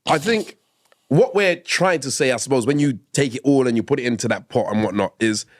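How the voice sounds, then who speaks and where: A man's voice: mid-range voice, brisk. A man, co-hosting a podcast and teasing the others in casual banter. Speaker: podcast co-host. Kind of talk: teasing casual group chat.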